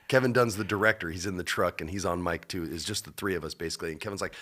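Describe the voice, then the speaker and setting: A man hosting a podcast in casual chat, an animated storyteller who acts out the people in his stories. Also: low-pitched, fast talker. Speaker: podcast host.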